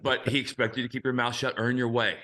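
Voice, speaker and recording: Male host, 50s, ex-pitcher; bright, forceful tone; blunt, profane anecdotal storyteller. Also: flat delivery, fast. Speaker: host, former big-league pitcher. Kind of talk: casual storytelling chat.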